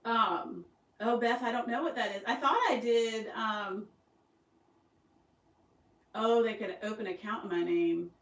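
A woman chats casually on a live stream while she works, answering viewers and laughing at herself. Her voice sits a little high. She is heard from a few feet off in an echoey room with a faint hum behind her. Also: unhurried, long pauses, a bit bright. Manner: chatty, self-deprecating, reads out viewer comments. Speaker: embroidery shop owner streaming live. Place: home craft workroom with a sewing machine running. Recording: roomy echo, distant mic, faint noise.

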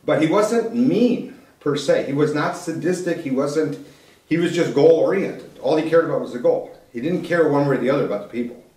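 A man's voice: a little high, a little fast, darkish tone. An older man giving a keynote talk in a conversational storytelling manner, acting out the dialogue he quotes. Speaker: keynote speaker. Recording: echoey room, voice from some distance.

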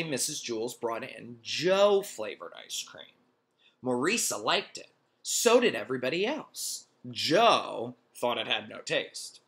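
A man reading a children's storybook aloud in a friendly, expressive, animated way. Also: mid-range voice. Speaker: reader.

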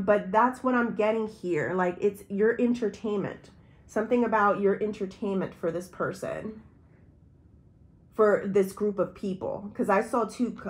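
Chatty woman giving a tarot reading. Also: medium pitch. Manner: rambling, intuitive, addresses viewer directly. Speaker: tarot reader.

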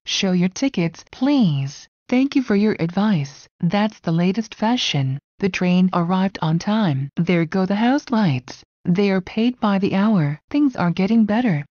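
A woman reading short English phrases aloud one at a time, in an even, deliberate way. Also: medium pitch, no echo, muffled recording.

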